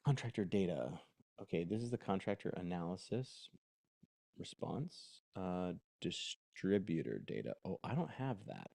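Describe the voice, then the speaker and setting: A man's voice: sits low, big pitch swings, normal speed, creaky, warm tone, dry recording, studio quality. A man hosting a casual live workshop, talking in a chatty, self-mocking way while dictating prompts aloud. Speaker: host.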